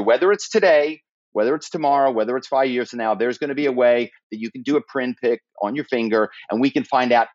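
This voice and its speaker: Man, podcast guest, lively storyteller, says "you know" a lot, dry, slightly muffled sound. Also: medium pitch, no echo. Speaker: podcast guest, former corporate spy and author. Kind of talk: animated storytelling in conversation.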